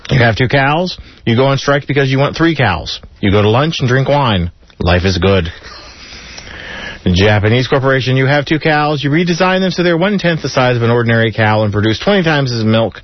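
On a dull, lo-fi community radio broadcast, a man with a mid-range voice reels off a list of jokes at a quick pace with few pauses, chuckling in between. The studio recording is dry.

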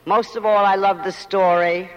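A woman's voice: medium pitch, steady tone, normal speed, in a large hall, low-quality recording. An older woman with a mid-Atlantic accent, a guest talking emphatically and theatrically in a live on-stage interview, often laughing.

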